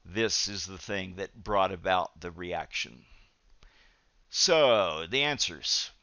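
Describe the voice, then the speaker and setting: A man with a fairly low but bright, forceful voice teaches a psychology class on video. He explains each point in a steady, measured way and often fills pauses with "uh". The recording sounds dull and lo-fi, and dry. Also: no room sound. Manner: measured, explanatory, frequent "uh" fillers. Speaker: psychology lecturer.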